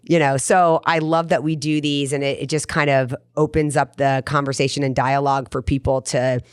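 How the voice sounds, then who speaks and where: A woman hosting a podcast speaks in a noticeably low voice. She tells a personal story in an earnest, rambling way, circling back and restarting as she goes. The sound is dry and close. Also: level tone, moderate pace, smooth, no echo. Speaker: podcast host. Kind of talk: casual podcast chat.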